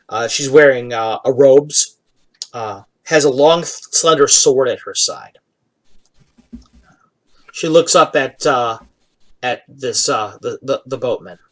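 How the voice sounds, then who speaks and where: Man at mid pitch running a tabletop game. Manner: relaxed, halting description with fillers. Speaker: game master.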